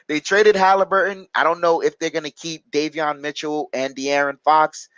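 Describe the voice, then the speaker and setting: A man's voice: a little high, steady tone, measured pace, fairly bright tone, smooth, no echo, muffled recording. A man hosting a live basketball watch-along, casually reading out viewer comments and answering them with plenty of fillers. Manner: casual, reads out viewer chat comments and replies; chatty, hesitant with frequent fillers. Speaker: watch-along stream host.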